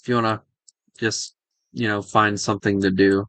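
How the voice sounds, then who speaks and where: Bright-voiced joking man. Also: lowish voice, level tone, moderate pace, no room sound. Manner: joking, slips into mock accents. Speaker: gaming channel host. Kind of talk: casual gameplay chat.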